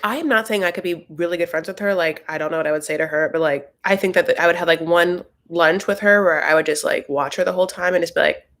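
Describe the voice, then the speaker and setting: A woman's voice: on the low side, fairly even intonation, fast, hardly any pauses, fairly bright tone. Gossipy, ranting woman host. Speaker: show recap host. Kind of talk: casual recap chat.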